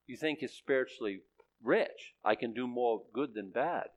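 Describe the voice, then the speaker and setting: A man's voice: medium pitch, normal speed. A man preaching a sermon as pastor, conversational and plain-spoken, rising to emphatic peaks.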